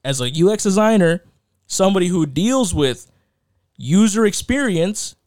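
Young male podcast co-host, casual chat, emphatic and repetitive, slightly high voice, close dry sound. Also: expressive, normal speed, a little mellow, dry recording. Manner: emphatic, repeats himself, says bro and dude.

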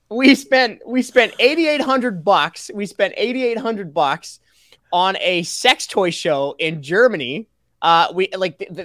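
A man from Canada with a high, very lively voice, talking as an animated podcast guest. He rattles off example after example with sarcasm and quick laughs. The sound is close and dry. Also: dry recording. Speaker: guest, taxpayer advocate.

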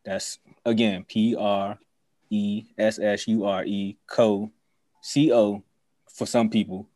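A man hosting a podcast in a casual, joking way, reading a sponsor spot and spelling things out slowly. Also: lowish voice, level tone, warm tone, no echo. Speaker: podcast host. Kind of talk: casual podcast chat with an ad read.

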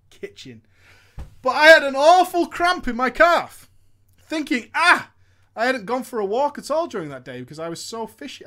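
A man reads a listener's story aloud with comic asides, his pitch bouncing lively up and down. He swears freely and laughs at his own remarks. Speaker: host reading a viewer's story. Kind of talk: comedic story reading with commentary.

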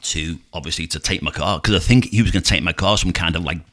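A man's voice: sits low, fast. A middle-aged man with a Scouse accent, a podcast host and taxi driver telling stories in casual chat, acting out voices as he goes. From Liverpool, England. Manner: animated storyteller who acts out voices.

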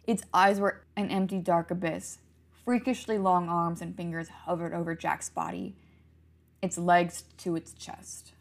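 Low, gravelly woman storyteller, hushed horror narration. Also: steady tone, measured pace.

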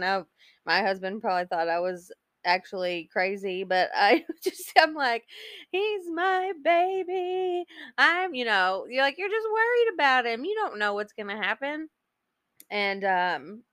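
A woman's voice: mid-range voice, a bit bright, clear, resonant tone, dry recording. Chatty woman with a dry close sound. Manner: chatty, laughs often, acts out quoted dialogue. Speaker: podcast co-host. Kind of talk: casual storytelling chat.

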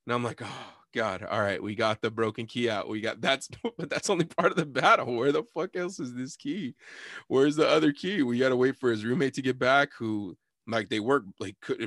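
A man's voice: mid-range voice, brisk, dry recording, studio quality. A young man telling a story in casual chat, cursing a lot and acting out quotes. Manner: animated storytelling, heavy cursing, acts out quotes.

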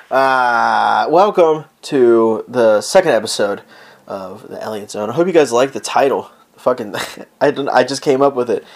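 A man hosting a casual solo podcast from home. He talks in a loose, rambling way, swears freely, jokes as he goes and keeps wandering off topic. His voice sits at an ordinary pitch for a man. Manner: rambling, profane, joking, easily sidetracked. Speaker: podcast host.

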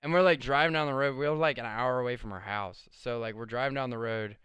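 A man's voice: mid-range voice, steady tone, brisk, a bit bright, clean tone, dry recording. A young man telling a rambling party story in casual chat, laid-back, with plenty of swearing and filler words. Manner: laid-back, swears a lot, lots of "like" and "dude".

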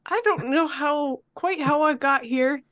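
High-voiced, slow woman player. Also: fairly bright tone, lo-fi sound. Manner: apologetic, hesitant, laughs often. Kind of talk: in-character role-play.

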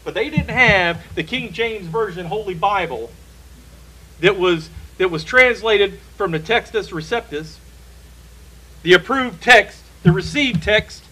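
A man's voice: high-pitched, animated, measured pace, sharp tone, slightly rough, low-quality recording. A man preaching a sermon in a church, emphatic and repeating key phrases for stress.

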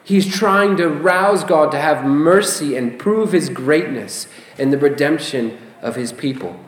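A man preaching a sermon as a pastor, expressive and emphatic, often asking rhetorical questions. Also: a little high. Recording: roomy echo.

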